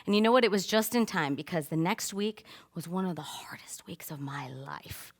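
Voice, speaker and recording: A woman, probably in her thirties, telling a personal story to an audience, animated and acting out the moments she describes. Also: mid-range voice, a little fast. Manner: animated, acts out voices and screams in her story. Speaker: speaker giving a stage talk.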